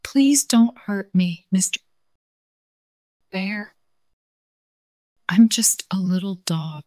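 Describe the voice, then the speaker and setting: A woman's voice: fairly low pitch, moderate pace, dry recording, studio quality, close to an everyday voice. A woman doing a sad, wise old little dog. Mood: timid. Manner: soft, sheepish, wistful.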